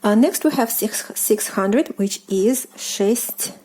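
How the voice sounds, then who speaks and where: A woman with a Russian accent, a native Russian speaker, teaching casually with many fillers and slow repetitions. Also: medium pitch, mellow, slightly rough. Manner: hesitant, many fillers, repeats words slowly. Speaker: language teacher.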